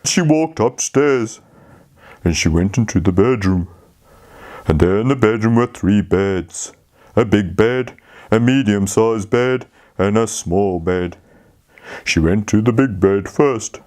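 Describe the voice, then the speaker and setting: A man telling a fairy tale to children, speaking slowly and talking to them directly. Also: on the low side. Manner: slow, lively, talks to the children. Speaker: storyteller. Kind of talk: children's storytelling.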